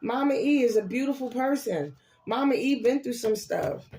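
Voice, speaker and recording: Lively older woman doing tarot readings. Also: on the high side, moderate pace. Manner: animated, preachy encouragement with laughs and slang. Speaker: tarot reader. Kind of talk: casual live tarot reading.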